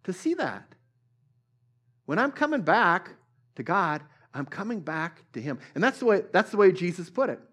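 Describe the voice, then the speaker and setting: A male pastor preaching a sermon at a church service, repeating phrases for emphasis and swinging between loud and hushed. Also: sits high, very animated, moderate pace.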